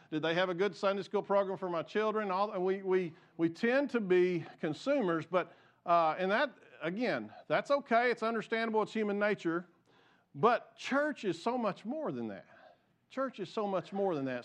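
A man's voice: high-pitched, fairly bright tone. A male pastor preaching a conversational, jokey sermon and asking his congregation questions.

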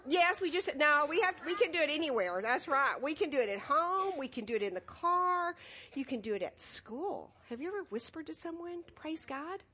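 A woman with a high voice leads a children's message in a church sanctuary. She asks the kids a steady run of questions and laughs easily as she coaxes answers from them. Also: moderate pace. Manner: animated, laughing, coaxing questions. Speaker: children's sermon leader. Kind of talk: children's message with call and response.

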